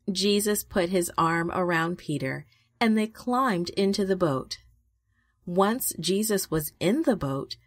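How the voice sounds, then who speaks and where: A woman telling a Bible story to children in a slow, careful storybook reading style, with expressive pauses. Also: medium pitch, dry recording, studio quality. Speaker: children's Sabbath school storyteller.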